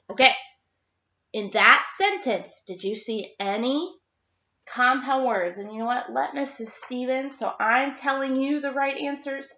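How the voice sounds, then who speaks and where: Teacher lady reading slowly to little kids, higher voice, roomy dull recording. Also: sharp tone. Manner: slow, clear teacherly reading aloud with spelled-out words. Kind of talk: remote classroom lesson for young children.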